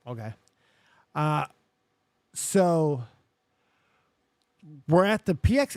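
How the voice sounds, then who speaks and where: A young man hosting a live show, telling a story in an animated, profane way and getting worked up as he goes. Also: a little high, dry recording. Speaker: show host.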